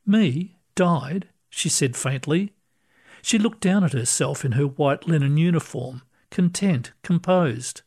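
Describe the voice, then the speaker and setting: A man reading a short story aloud, calm and unhurried. His voice sits a little high, and he lets each sentence settle before the next. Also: husky. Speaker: story reader. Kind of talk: scripted narration.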